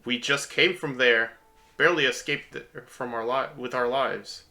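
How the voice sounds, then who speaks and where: A man's voice: mid-range voice, moderate pace, bright, forceful tone. A young man playing a tabletop game who speaks in character, hesitant and formal. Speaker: player.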